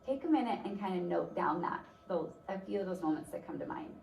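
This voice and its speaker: Fast-talking with vocal fry, this woman has a lowish, darkish voice and lively intonation. In her motivational talk she tells a personal story casually, full of fillers, recorded in a roomy space on a distant mic with faint noise.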